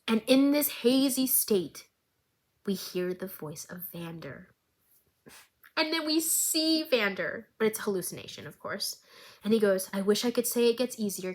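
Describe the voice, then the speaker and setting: A young adult woman recapping a show in a casual, animated way, laughing often. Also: medium pitch. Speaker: recap vlogger.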